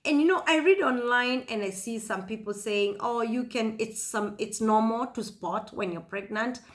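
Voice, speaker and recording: A woman in her thirties living in the US, telling a personal story in a halting way with many fillers and restarts. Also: a little high. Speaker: vlogger.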